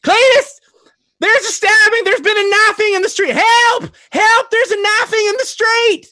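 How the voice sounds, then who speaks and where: A man's voice: extremely high pitch, measured pace, pushed and bright, no echo, clean studio sound, pitched above the performer's own voice, exaggerated voice. A man voicing a panicked townswoman who shrieks frantically for help in a tabletop game.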